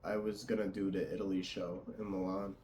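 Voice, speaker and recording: A man's voice: low voice, level tone, brisk, dark tone, a little hiss or hum. A young man hosting a casual interview, easygoing and chatty, laughing often. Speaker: podcast host and tattoo artist.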